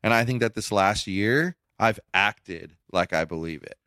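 A middle-aged man co-hosting a podcast in casual chat, blunt and emphatic, his pitch jumping when he presses a point. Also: measured pace, sharp tone, no room sound, clean studio sound. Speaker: podcast co-host.

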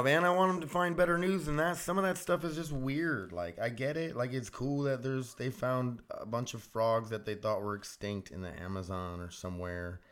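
A man hosting a solo podcast from home, rambling and easily sidetracked, frustrated with himself and swearing casually. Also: medium pitch. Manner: frustrated, self-deprecating. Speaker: podcast host. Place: home studio room.

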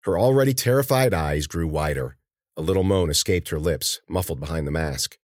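A man with a very deep voice reads a tense, dramatic audiobook, swinging his pitch widely. The recording is dry and close to the mic. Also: expressive, a little fast, no echo. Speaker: narrator. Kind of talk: audiobook narration.

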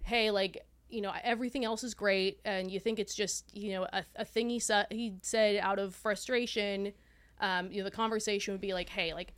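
A woman's voice: mid-range voice, fairly even intonation, normal speed, smooth. A young woman from Texas co-hosting a podcast in casual chat, hesitant and full of "like", swearing freely. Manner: chatty, hesitant, heavy use of "like", swears freely. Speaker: podcast co-host.

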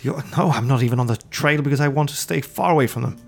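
A man running a tabletop game as game master, voicing a merchant in a relaxed, chatty way. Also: mid-range voice, very fast, gravelly, soft background music.

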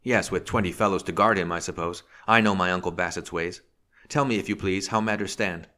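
A man voicing a desperate, agitated imprisoned gentleman who talks in bitter, pleading outbursts. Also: deep voice, steady tone, brisk.

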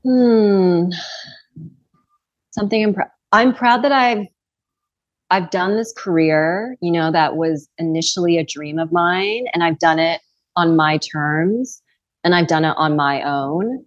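A woman's voice: on the low side, a little slow, lo-fi sound. A woman talking candidly as a guest on a podcast, with constant filler words. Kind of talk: casual chat.

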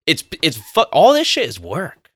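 A man's voice: fairly high pitch, huge pitch swings, moderate pace, fairly bright tone, breathy edge, no room sound, clean studio sound. A man in a casual podcast chat who talks bluntly and emphatically and swears freely.

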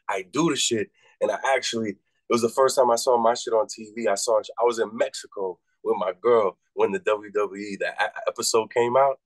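A rapper from Massachusetts telling a story in a casual interview, animated and profane, acting out the people he quotes with big jumps in his voice. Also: on the low side, a little fast, no echo, low-quality recording. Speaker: rapper and podcast guest.

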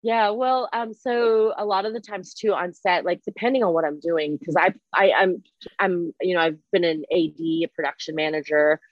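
An animated young woman, telling stories from film sets in a casual interview. She laughs often and swears freely. Her voice sounds dry and a little dull, as if recorded close on a modest mic. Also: on the low side, moderate pace, no echo. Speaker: guest, film crew and actress.

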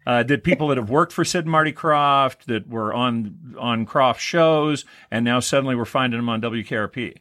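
A man's voice: medium pitch, moderate pace, hardly any pauses, a bit bright, no echo, clean studio sound. A man hosting a casual interview, asking eager, curious questions. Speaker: podcast host, interviewer.

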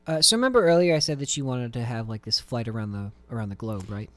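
A man's voice: mid-range voice, fast talker, fairly bright tone, dry recording. A young man from New Jersey who hosts a radio show, chatting in a jokey way and slipping into silly voices. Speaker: radio host. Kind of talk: casual podcast chat.

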